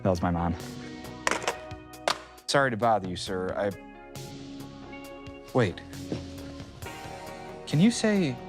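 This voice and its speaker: Eager corporate archivist, low and animated. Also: male voice, slow pace, long pauses, music in the background. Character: earnest, eager corporate archivist, adult man. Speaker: company archivist. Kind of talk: comedic ad acting.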